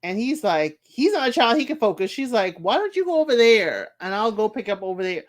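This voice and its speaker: Animated woman recapping a reality show. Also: medium pitch, fairly quick, few pauses. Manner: animated, laughs, mimics cast members' quotes. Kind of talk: casual commentary recap.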